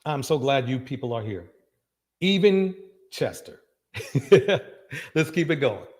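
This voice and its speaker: A man hosting a live reaction stream. He talks with emphasis, repeats his phrases and breaks into loud bursts of agreement. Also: mid-range voice, big pitch swings, slow pace. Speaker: livestream reaction host.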